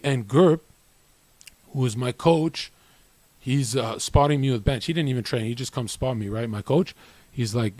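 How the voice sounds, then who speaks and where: A man's voice: mid-range voice, normal speed, a little mellow, no echo. Cocky guy ranting on his stream, swears a lot, dry close sound. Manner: blunt and profane, tags lines with "right?". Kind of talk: brash motivational rant.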